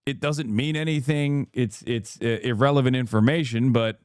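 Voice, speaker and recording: A man's voice: medium pitch, normal speed, darkish tone, clear, resonant tone, no room sound, studio quality. A man giving casual live-stream commentary on a video, with blunt, joking asides and swearing.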